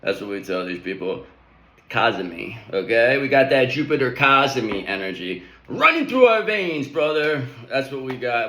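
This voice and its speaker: A man's voice: medium pitch, big pitch swings, normal speed, sharp tone, reverberant, rough recording. A man giving a casual spiritual tarot reading, talking in a loose, rambling, slangy way with frequent check-ins to the listener. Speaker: tarot reader.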